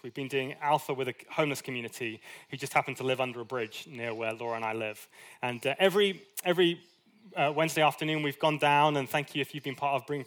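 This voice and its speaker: A man preaching a sermon in a conversational, animated way, with asides and little acted quotes. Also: mid-range voice. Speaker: pastor.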